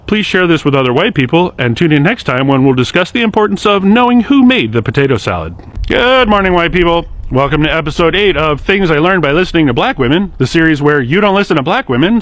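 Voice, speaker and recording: A man's voice: fairly high pitch, a bit bright. A man hosting a short explainer video series, talking straight to camera in a direct, earnest and lightly sarcastic way. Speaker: host of a social media series. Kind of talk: scripted explainer monologue to camera.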